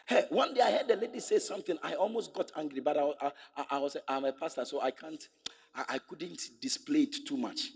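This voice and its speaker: A man's voice: a little high, fairly quick, husky. A male pastor preaching a sermon, emphatic and fond of repeating rhetorical questions to his congregation. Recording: echoey hall with long reverb.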